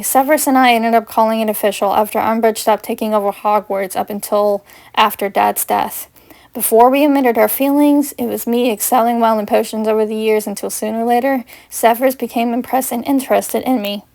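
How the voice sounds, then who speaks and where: A woman's voice: on the high side, creaky. A woman reading her own first-person fanfiction aloud in an earnest storytelling way. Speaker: fanfiction reader.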